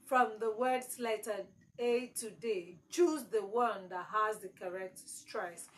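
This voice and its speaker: A woman's voice: mid-range voice, slow pace, low-quality recording. A woman teaching exam prep, repeating key words with strong emphasis. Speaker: English teacher.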